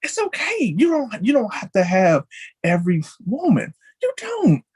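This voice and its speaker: A man hosting a casual celebrity chat show, talking in an animated way and leaping high in pitch when excited. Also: unhurried, breathy edge. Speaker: show host.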